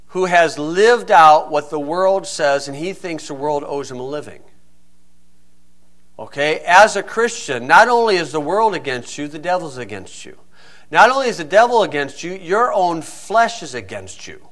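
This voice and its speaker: A man's voice: high-pitched, a bit bright. A middle-aged man preaching a sermon, blunt and scornful, firing off rhetorical questions.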